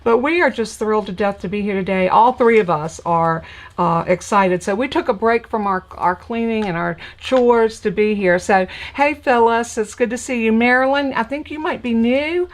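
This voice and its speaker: A woman's voice: fairly high pitch, normal speed. An older woman with a Southern US accent hosting a live crafting stream in a folksy, chatty way, greeting viewers by name. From United States. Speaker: crafting channel host. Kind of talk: casual live-stream chat.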